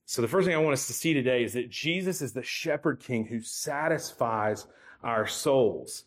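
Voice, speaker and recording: An earnest man delivering a sermon as a visiting preacher. He speaks prayerfully and presses his points by repeating key phrases. His voice sits at an ordinary pitch for a man. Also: normal speed. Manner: earnest, prayerful, emphatic repetition. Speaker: guest preacher. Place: church.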